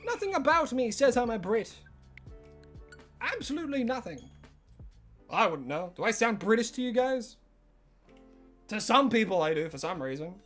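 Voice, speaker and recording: A man's voice: very high voice, big pitch swings, normal speed, pauses often, fairly bright tone, faint music behind. A man with an Australian accent chatting casually with viewers on a livestream, rambling and filling his talk with "like". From Tasmania, Australia. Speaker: streamer.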